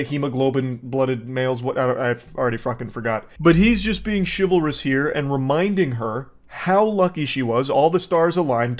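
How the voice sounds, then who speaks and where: A man in his thirties talks through screenshots of text messages in a reaction commentary. His delivery is sarcastic and mocking, with casual swearing. His pitch sits in an ordinary middle range for a man. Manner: sarcastic, swearing, mocking reads of quoted texts. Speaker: commentary host. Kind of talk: reaction commentary reading texts aloud.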